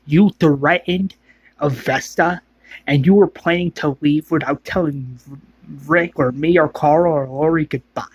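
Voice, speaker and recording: A man voicing a furious husky survivor. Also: a little high, a little slow, no echo, poor audio. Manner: furious, swearing confrontation. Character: angry loyal male survivor friend.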